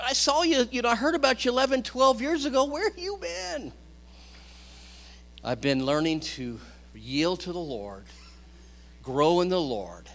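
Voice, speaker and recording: Animated preaching man, fairly high voice. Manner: animated preaching, rising and dropping loudness. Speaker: pastor. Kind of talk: sermon.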